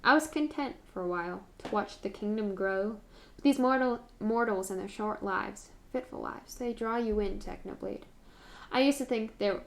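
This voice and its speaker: A woman voicing a weary ancient male god-king in a read-aloud story, speaking in a quiet, measured way. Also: mid-range voice, gravelly, lightly acted.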